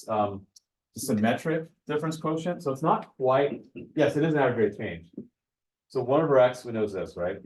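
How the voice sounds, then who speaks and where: A man teaching a high school math class in a casual lecture, talking the students through calculator steps. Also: expressive, a little fast, a little mellow, rough recording. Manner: casual, talks to students as guys, thinks aloud with fillers.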